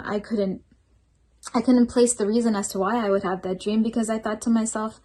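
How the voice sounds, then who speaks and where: A woman's voice: mid-range voice, mellow. A woman shares a personal testimony at a devotional program. She speaks earnestly and reflectively, as a healthcare worker who works night shifts.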